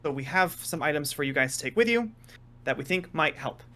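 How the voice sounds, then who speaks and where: A man's voice: on the high side, expressive, fairly quick, sharp tone. A man narrating a tabletop role-playing game as game master, briefly slipping into the voices of the people in the scene.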